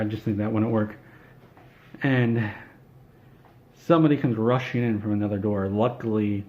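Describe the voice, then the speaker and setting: A man's voice: lowish voice, dull audio. A man telling an absurd comedic story in a rambling, offhand way. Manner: rambling, offhand, with fillers and restarts.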